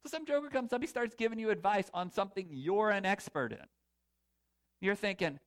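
A man delivers a sermon in an easy, conversational way, his voice sitting a little high for a man. His pitch swings widely as he builds and releases emphasis. He talks straight to the room and invites a show of hands. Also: a little fast. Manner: conversational, animated, asks audience to raise hands. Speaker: preacher. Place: church or hall before a live congregation.

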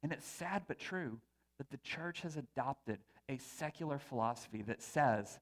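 A man preaching a sermon as pastor, conversational and animated, with playful asides. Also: medium pitch, normal speed.

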